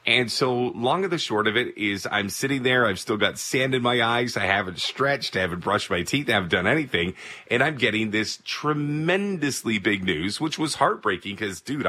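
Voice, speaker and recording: A man in his thirties, a baseball broadcaster, telling a personal story in a casual, animated way. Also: on the low side, slightly rough. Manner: animated, energetic anecdote telling.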